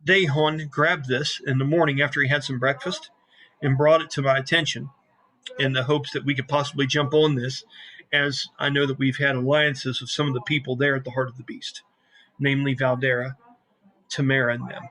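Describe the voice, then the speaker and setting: A man voicing a calm, shrewd male airship crew leader who speaks quietly and in a measured way. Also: natural voice, rough recording. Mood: earnest. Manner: quiet, measured, low-voiced.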